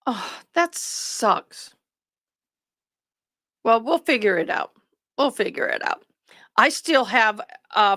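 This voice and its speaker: A woman's voice: fairly high pitch, pushed and bright, no room sound, studio quality. A tired woman hosting a livestream, chatting casually and rambling with her viewers. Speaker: livestream host. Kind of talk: casual chat with live viewers.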